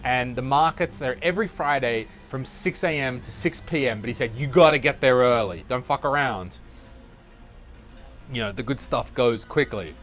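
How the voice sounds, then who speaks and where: Rambling, sweary male comic on a balcony. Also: moderate pace. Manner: rambling, animated, swears freely, jumps into high mock voices. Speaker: comedy podcast host. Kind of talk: casual comedic monologue. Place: outdoor city balcony. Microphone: portable recorder. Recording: not studio quality, city sounds around. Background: faint music from the city.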